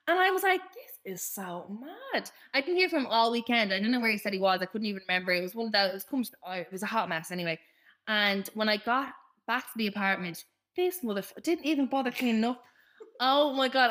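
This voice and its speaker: Young woman, podcast co-host, lively swearing storyteller, bright, slightly high voice. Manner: animated, swearing, laughing storyteller. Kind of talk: casual storytelling chat.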